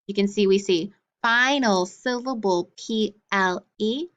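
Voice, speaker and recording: A woman's voice: medium pitch, a bit bright, lo-fi sound. Encouraging woman teaching phonics. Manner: patient, encouraging, sounds words out slowly. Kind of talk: phonics lesson for children.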